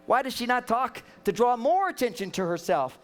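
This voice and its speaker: A man delivers a relationship seminar to a live audience, joking and animated as he tells his stories. His voice sits very high for a man. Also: normal speed. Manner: joking, animated storytelling with acted quotes. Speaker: relationship speaker and counselor.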